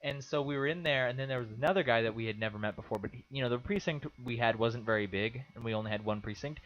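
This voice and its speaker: A man's voice: medium pitch, fast. A young man from California, a podcast co-host, telling stories in casual chat and acting out the people he quotes. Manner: animated storyteller, acts out quotes loudly. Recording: dull lo-fi sound.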